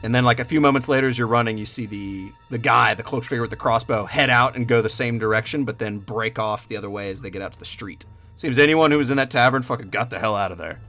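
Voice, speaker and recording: A man's voice: mid-range voice, quick pace, sharp tone, soft background music. A man running a tabletop game as game master, narrating loosely with lots of casual fillers and the odd swear.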